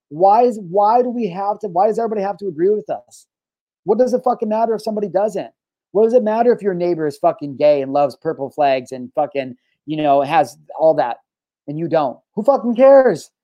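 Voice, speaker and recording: A man's voice: high voice, warm tone, no echo. A man hosting his own podcast, ranting in a heated, profane way and hammering his points through repetition. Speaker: podcast host.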